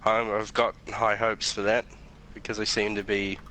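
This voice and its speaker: A man's voice: lowish voice, flat delivery, normal speed, sharp tone, slight background noise. A man co-hosting a casual gaming chat, mostly giving short, laid-back replies.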